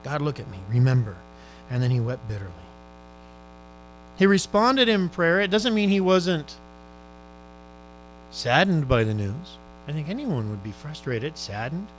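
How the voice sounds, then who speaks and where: A male preacher pleads and exhorts through a sermon, his voice pitched high and bright. He swings from forceful, urgent appeals down to hushed, searching questions. Soft music lingers faintly beneath him. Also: sing-song, measured pace, long pauses, low-quality recording. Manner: fervent, exhorting, swings between loud and hushed.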